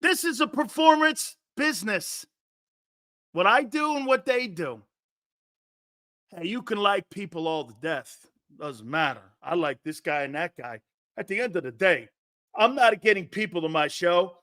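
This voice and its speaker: A man's voice: high-pitched, expressive, a little slow, fairly bright tone, no room sound, studio quality. A middle-aged man hosting a sports talk show, brash and profane, telling stories and putting on voices. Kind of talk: animated sports talk monologue.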